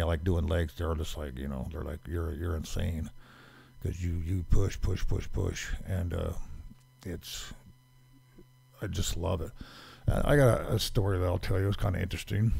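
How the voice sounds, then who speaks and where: Gravelly low-voiced American man telling stories. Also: dark tone. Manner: rambling, repeats words, emphatic. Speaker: podcast guest. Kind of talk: casual storytelling.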